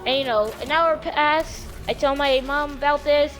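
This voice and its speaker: A woman casually telling a true story on her vlog in a rambling, slangy, animated way. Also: sits high, moderate pace, faint music behind.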